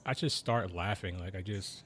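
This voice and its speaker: A man with a fairly low voice chats slowly and easily on a game stream, keeping his volume down. His talk is loose and full of slang, with a faint hum of noise underneath. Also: a bit bright. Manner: slow, laid-back talker; keeps voice down. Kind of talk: casual live-stream chat.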